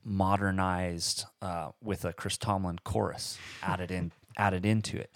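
Deep-voiced man, dry close sound. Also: little pitch movement, no room sound. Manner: measured, explanatory, with frequent ums. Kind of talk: casual podcast discussion.

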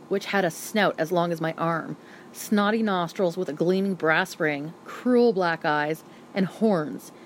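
A woman reads a first-person novel aloud as an audiobook narrator. Her telling is brisk and vivid, in a voice a little low for a woman. A faint hiss sits behind the recording.

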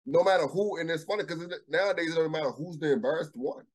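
A man in casual podcast chat, thinking out loud in a reflective, halting way. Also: a little high, low-quality recording. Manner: reflective, halting, restarts his thoughts.

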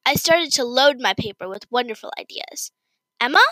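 High, bright woman narrator, very lively first-person read, dry sound. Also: normal speed, no room sound, low-quality recording. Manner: expressive, excited storytelling. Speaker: storyteller. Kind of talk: reading a story aloud in first person.

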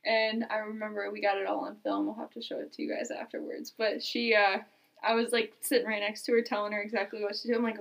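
A woman guest on a podcast, chatting casually as a lively storyteller. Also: mid-range voice, fast, gravelly. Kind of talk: casual chat.

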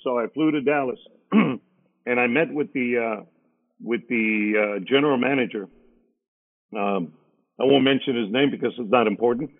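A man's voice: mid-range voice, moderate pace, pauses often. A middle-aged man, a radio DJ telling stories as an interview guest and acting out the other people's lines. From San Antonio, Texas. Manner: lively storyteller, acts out others' lines. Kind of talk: casual storytelling. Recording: narrow phone-like sound.

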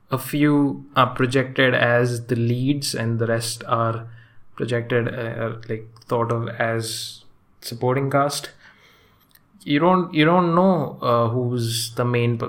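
A man giving a casual spoken movie review, talking in a halting way with frequent restarts and fillers and chuckling often. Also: mid-range voice. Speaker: film reviewer.

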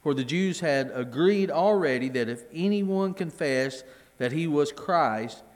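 A man's voice: on the high side, lively intonation, unhurried, in a large hall. A middle-aged man teaching a Bible class in a conversational way, often repeating his words as he explains the reading. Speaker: preacher.

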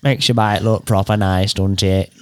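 A man's voice: low voice, level tone, normal speed, slight background noise. A young Australian man co-hosting a podcast, crude and slangy. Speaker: podcast co-host. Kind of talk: casual podcast banter.

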